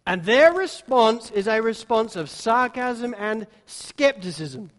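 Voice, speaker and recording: A man preaching a sermon, now and then acting out the disciples' words in quick little voices. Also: very high voice, animated. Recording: long hall reverb.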